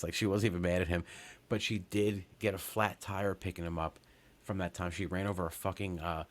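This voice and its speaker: A New man in his thirties tells a long story on his podcast. His voice sits very low and stays casual. He rambles, restarts his sentences, and swears all the way through. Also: little pitch movement, brisk. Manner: rambling, profane, lots of fillers and restarts. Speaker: podcast host.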